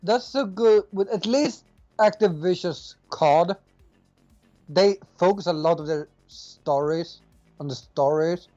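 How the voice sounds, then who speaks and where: A man co-hosting a casual gaming chat, who talks haltingly, hunts for his words and asks a lot of questions. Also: high-pitched, dark tone, lo-fi sound, faint music behind. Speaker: podcast co-host.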